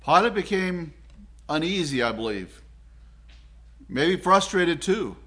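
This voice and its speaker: A man's voice: on the high side, sing-song, slow pace, a bit bright, slightly rough. A Canadian man preaching a sermon in an earnest, reflective way, with frequent restarts and fillers.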